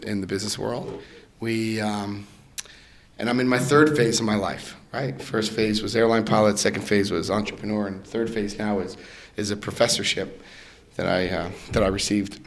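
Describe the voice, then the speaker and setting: Older man telling his story, animated. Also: on the low side, a little hiss or hum. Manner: animated storyteller who acts out dialogue and laughs often. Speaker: recovery meeting speaker. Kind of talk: personal testimony to a group.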